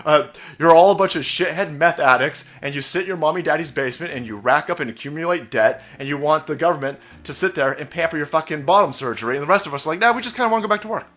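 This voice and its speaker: A man's voice: fast talker, a bit bright. An American man delivering a profane, mocking comedy rant on a vlog. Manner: profane, mocking, mimics opponents in shrill high voice. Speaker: comedian and political commentator. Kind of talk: ranting vlog monologue.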